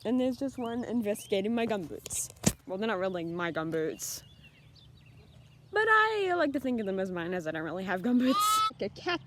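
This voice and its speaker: A woman's voice: medium pitch, big pitch swings, normal speed, noisy background. A young New woman filming a casual farm vlog on a handheld camera in a paddock, chatting and giggling at the lambs. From New Zealand. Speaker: vlogger. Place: outdoors in a paddock among sheep. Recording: outdoor camera audio with bleating sheep. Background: bleating sheep and lambs.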